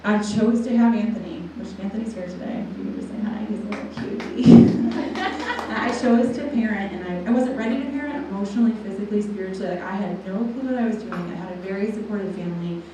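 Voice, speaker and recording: A woman in her twenties giving a personal testimony to a live audience, telling it in a lively way and acting out what people said. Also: medium pitch, fast, noisy background. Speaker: guest speaker. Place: large room with a live audience. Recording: echoey hall, voice from far off.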